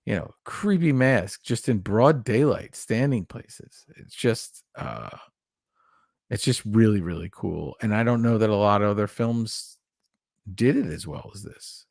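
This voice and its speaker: A man's voice: lowish voice, lively intonation, a little slow, darkish tone, no room sound, studio quality. A man co-hosting a podcast, chatting casually in an earnest, reflective way and thinking aloud with restarts. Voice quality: gravelly. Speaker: podcast co-host. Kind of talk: casual chat.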